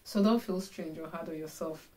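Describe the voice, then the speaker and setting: Young adult woman, casual advice vlogger; low, warm, relaxed delivery, chatty and reassuring. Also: moderate pace. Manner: chatty, encouraging, repeats "you know".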